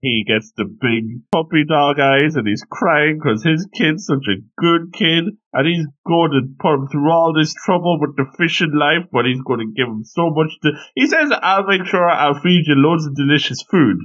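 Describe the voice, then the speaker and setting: A man's voice: fairly high pitch, normal speed, hardly any pauses, a bit bright. A man co-hosting a podcast, chatting casually and chiming in with jokes. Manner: joking interjections. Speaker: podcast co-host. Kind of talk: casual chat. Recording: dull lo-fi mic.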